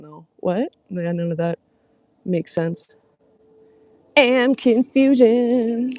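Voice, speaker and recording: A woman's voice: on the low side, mellow. A young woman, livestreaming and reading out comments in casual, sarcastic, profane chat. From Canada.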